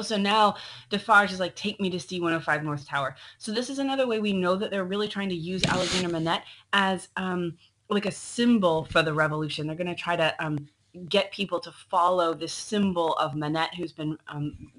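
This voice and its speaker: A woman teacher, screen-recording at her computer, gives a chatty slideshow lecture addressed directly to her students, with frequent ums. She speaks fairly quickly in a lowish voice, coughing and sounding a little choked, against a noisy background.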